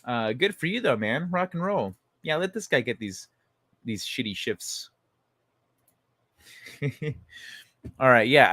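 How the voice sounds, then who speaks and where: A man's voice: mid-range voice, fairly bright tone, dry recording, studio quality. A man hosting a casual late-night livestream, reading and answering chat in a laid-back way, swearing freely and chuckling. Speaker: livestream host.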